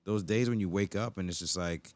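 A man with Jamaican parents hosting a podcast, asking rambling questions and telling stories in an animated way. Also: low-pitched, a little fast, dry recording. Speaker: podcast host. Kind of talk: casual podcast interview.

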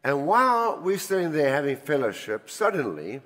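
An older man preaching a sermon, telling personal stories and swinging between loud emphasis and quiet asides. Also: fairly high pitch, big pitch swings, normal speed, hardly any pauses. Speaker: pastor. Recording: reverberant hall.

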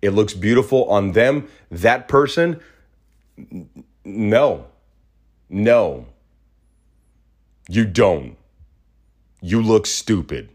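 A man's voice: lowish voice, lively intonation, drawn-out words, pauses often, darkish tone. A man hosting a podcast, talking in a casual, heated rant, blunt and full of swearing. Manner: profane, indignant, blunt. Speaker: podcast host.

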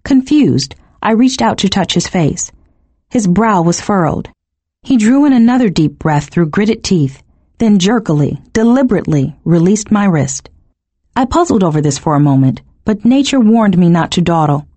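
A woman's voice: mid-range voice, moderate pace, no echo. Woman narrating a novel in first person. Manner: expressive, emotionally engaged reading. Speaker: audiobook narrator.

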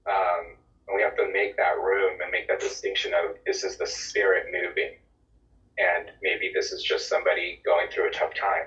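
A man's voice: deep voice, a bit bright, recorded from a distance, lo-fi sound. A man on a faith podcast talking earnestly about worship and emotion, telling a story and restarting his words now and then. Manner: earnest, storytelling, repeats words when starting. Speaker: podcast co-host. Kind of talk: reflective faith talk.

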